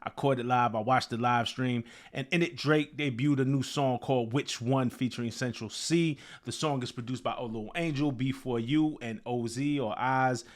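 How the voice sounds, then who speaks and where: A man hosts his own show and talks through a new release in a relaxed, off-the-cuff way. He circles back and restarts his sentences often, with plenty of fillers. His voice sits at an ordinary middle pitch for a man. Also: moderate pace, hardly any pauses. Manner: loose, conversational, many fillers and restarts. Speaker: host. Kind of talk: casual commentary on a music release.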